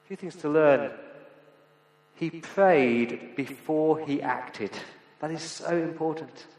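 A man's voice: a little high, slow, a little mellow. A middle-aged man preaching a sermon as pastor, earnest and emphatic with repeated phrases. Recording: echoey church hall with long reverb.

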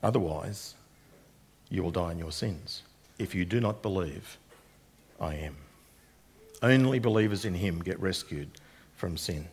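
A man's voice: deep voice, lively intonation, a little slow, pauses often. A man preaching a sermon that works through a passage of scripture, retelling the verses in plain everyday speech. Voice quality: gravelly, husky.

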